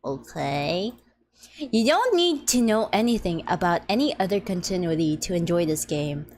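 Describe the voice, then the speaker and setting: A young woman streaming a game, chatting playfully, giggling often and reading game text aloud, her voice a little deep from just waking up. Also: animated, moderate pace, a little mellow, a little hiss or hum. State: slightly deep morning voice. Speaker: VTuber streamer. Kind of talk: casual live-stream chat. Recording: faint music behind.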